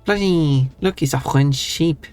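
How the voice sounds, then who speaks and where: A man talks casually with his viewers during a gaming stream, rambling and amused at himself. His voice sits at an ordinary pitch for a man. Soft music plays faintly behind him. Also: steady tone, normal speed. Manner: chatty, self-amused, restarts and trails off. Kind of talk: casual chat while gaming.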